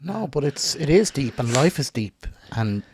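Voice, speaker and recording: A man's voice: medium pitch, sing-song, normal speed, a little mellow, slight background noise. An Irish man co-hosting a podcast in casual chat, emotional and rambling, swearing freely and stumbling over his words. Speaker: podcast co-host.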